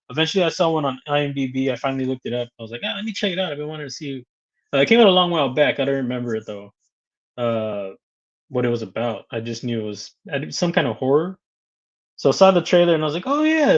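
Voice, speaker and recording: A man's voice: fairly high pitch, highs cut off. A man hosting a casual live stream, greeting viewers by name, reading their comments aloud and laughing often. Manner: chatty, reads out viewer comments and greets them; laughs often between remarks.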